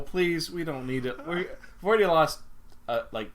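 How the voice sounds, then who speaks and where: A man's voice: a little high, moderate pace. A man co-hosting a casual podcast, bantering and teasing his partner. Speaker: podcast co-host. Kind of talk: casual chat.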